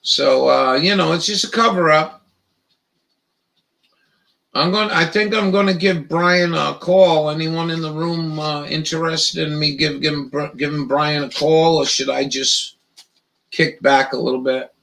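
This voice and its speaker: A man hosting a casual live stream, rambling in a profane, halting way with lots of restarts. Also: fairly high pitch, steady tone, creaky, a bit bright, low-quality recording.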